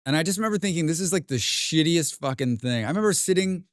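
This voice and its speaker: A man's voice: a little high, animated, fast, dry recording, clean studio sound. Rambling, profane American man streamer. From United States. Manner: rambling, profane, self-mocking. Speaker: game streamer. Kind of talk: casual chat while streaming.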